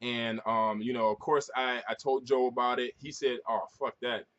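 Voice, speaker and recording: A man, a record-collecting vlogger, telling stories to camera at home in an animated, profane way with frequent restarts. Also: medium pitch, normal speed, highs cut off. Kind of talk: casual storytelling to camera.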